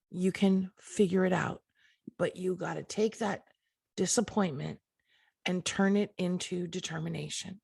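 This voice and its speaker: A woman's voice: mid-range voice, vocal fry, a little mellow, breathy edge, no echo. A middle-aged woman hosting a motivational podcast, talking earnestly and encouragingly straight to the listener. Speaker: podcast host.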